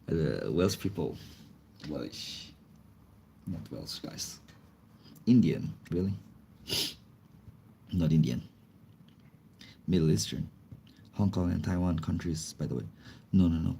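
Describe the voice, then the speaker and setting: A young man with a deep, mellow voice and a slight head cold talks casually on a livestream, answering chat in non-native English full of small grammar slips. A faint hiss sits under his voice. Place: indoors, face not shown.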